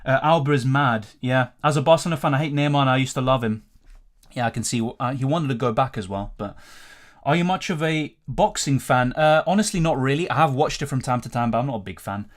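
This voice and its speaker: A man's voice: medium pitch, fast talker. A young man hosting a live stream, reading viewer questions aloud and answering in a casual, rambling way. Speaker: fantasy football streamer.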